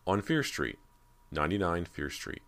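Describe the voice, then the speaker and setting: A cocky, easygoing teenage boy in a spooky storybook, voiced by a male narrator. The voice stays extremely low and relaxed, casual and offhand. A clean, close reading. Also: normal speed, exaggerated voice. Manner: casual, cool.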